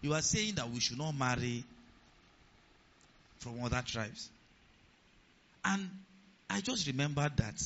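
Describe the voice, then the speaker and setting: Lively preacher, bright tense voice. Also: male voice, a little slow, pauses often, slight background noise. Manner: rhetorical questions to the congregation; acts out quoted speech in a lower voice. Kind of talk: sermon. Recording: dull lo-fi recording.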